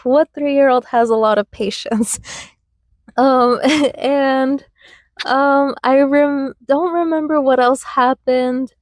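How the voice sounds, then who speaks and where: A woman's voice: high voice, fairly even intonation, takes it slowly, dry recording, studio quality. A young woman hosting a podcast, telling personal stories in a rambling way with many fillers and restarts. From United States, Mexican family. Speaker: podcast host. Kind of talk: casual reflective storytelling.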